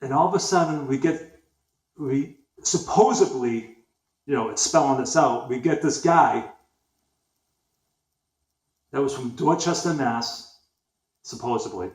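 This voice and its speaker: A man in his forties with a Boston accent recounts a story in a loose, rambling way. He swears freely and stops often to restart a thought. His medium-pitched voice echoes in a bare room. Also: unhurried, pauses often. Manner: rambling, profane, frequent fillers and restarts. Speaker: vlogger. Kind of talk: casual spoken storytelling.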